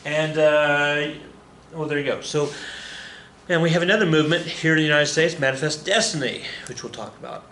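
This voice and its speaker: A man's voice: on the high side, fairly quick, fairly bright tone, reverberant, slight background noise. A male history teacher giving a casual, joking classroom lecture, often correcting himself as he talks to his students.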